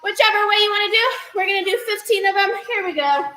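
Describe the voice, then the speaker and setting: Bright, high-voiced upbeat woman coach. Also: fast talker. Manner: upbeat, cheering, laughs often. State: out of breath. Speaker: gymnastics coach. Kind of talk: online fitness class instruction. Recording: echoey room with music behind.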